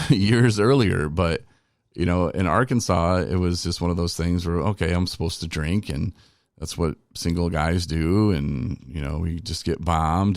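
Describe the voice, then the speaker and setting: A man's voice: deep voice, no room sound, studio quality. A middle-aged man hosting a recovery podcast, telling his own story in a candid, rambling, self-deprecating way. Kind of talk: casual personal storytelling.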